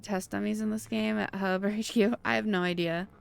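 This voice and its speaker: A woman's voice: mid-range voice, steady tone, brisk, gravelly, smooth, no room sound. A woman streaming a video game, chatting casually and venting her frustration while reading chat aloud.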